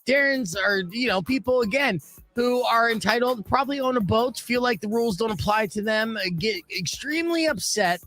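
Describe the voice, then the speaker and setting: A man's voice: extremely high pitch, moderate pace. A man hosting a morning radio show, telling jokey stories in casual banter. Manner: animated, jokey storytelling.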